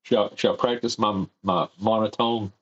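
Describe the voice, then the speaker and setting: A husky, slightly mellow man with a fairly low voice talks at normal speed in lo-fi sound. He's livestreaming his airbrush work from his home workshop, rambling easily and joking at his own expense.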